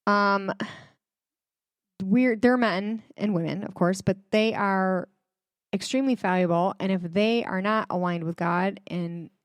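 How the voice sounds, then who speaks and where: A woman's voice: medium pitch, dry recording. A woman hosting a casual religious commentary, chatty and emphatic, with many fillers, speaking straight to her viewers. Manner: addresses viewers directly. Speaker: host.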